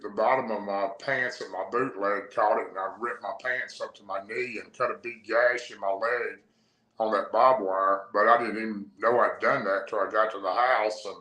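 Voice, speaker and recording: A man tells a long story as a guest in a casual interview, rambling on and chaining his clauses with "and". His voice is fairly low, with a forceful, bright tone. The room echoes noticeably. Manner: rambling, breathless story with many "and"s. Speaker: podcast guest. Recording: roomy echo.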